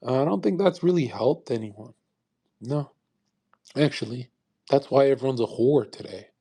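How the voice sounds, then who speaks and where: A man's voice: mid-range voice, lively intonation, normal speed, creaky, warm tone, slightly rough. A young man giving a provocative, crude, preachy monologue on a live voice call. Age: young adult. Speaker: speaker on a live audio call. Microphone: online voice call.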